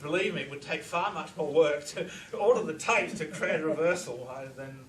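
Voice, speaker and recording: A man's voice: fairly high pitch, moderate pace, a crowd in the background. A man giving a lecture presentation, explaining clips in a matter-of-fact way with frequent fillers. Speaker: presenter on reverse speech. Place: lecture room with audience. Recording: echoey room, distant mic.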